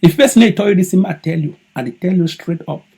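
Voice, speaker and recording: A man's voice: high-pitched, fast talker, vocal fry, dark tone, husky. A man with a Cameroonian English accent mixed with Pidgin, giving a heated, accusatory political monologue and repeating lines for stress. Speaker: political activist. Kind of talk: impassioned video monologue.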